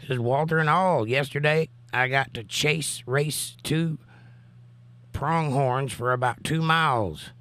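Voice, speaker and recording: A man's voice: mid-range voice, takes it slowly, pushed and bright, no room sound. A man hosting a casual livestream, chatting and reading viewers' comments aloud, his voice still recovering from a cough. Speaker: livestream host. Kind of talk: casual live-chat commentary.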